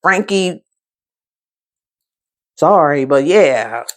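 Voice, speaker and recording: This tarot reader's voice is low-pitched, and she talks very slowly yet animatedly. Her casual reading is blunt and packed with profanity, and she responds to her own comments.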